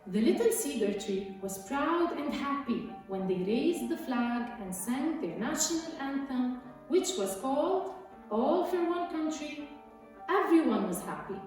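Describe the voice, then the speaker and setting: A teacher reading a children's story aloud slowly and carefully. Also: female voice, high-pitched, expressive, darkish tone. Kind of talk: storybook narration. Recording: echoey room, far from mic, faint music.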